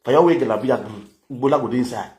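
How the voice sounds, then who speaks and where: A man's voice: medium pitch, rapid-fire, a little mellow. A man with a Nigerian accent giving an angry, scolding rant as a vlogger. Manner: scolding, insulting, heated rant. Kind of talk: angry ranting commentary. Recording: echoey room, faint background noise.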